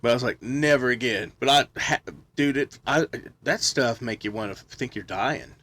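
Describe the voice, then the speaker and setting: A man's voice: medium pitch, normal speed, bright, forceful tone. A man talking loosely and swearing in a casual podcast chat. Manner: loose, laughing, swears freely.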